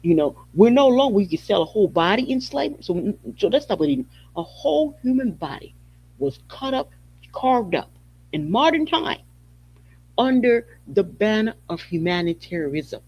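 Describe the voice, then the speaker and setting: A man's voice: sits high, big pitch swings, normal speed, darkish tone, husky, no room sound. A man hosting a podcast, giving emphatic, repetitive spoken commentary in a preaching tone. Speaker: podcast host. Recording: dull lo-fi audio.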